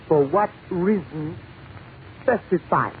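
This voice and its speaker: A cocky would-be big shot, as a male comedian plays him swaggers through his lines in a breezy, boastful way. The voice sits high for a man. It comes through a thin, phone-like old radio broadcast. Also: lively intonation, takes it slowly. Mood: brash. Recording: tinny lo-fi 1940s radio broadcast with faint hiss.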